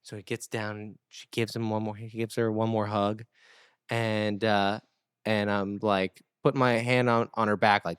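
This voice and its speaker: A man on a podcast telling a family story in an animated way, acting out the quotes. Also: on the low side, normal speed, clean tone, dry recording, clean studio sound. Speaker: podcast regular. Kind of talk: casual storytelling chat.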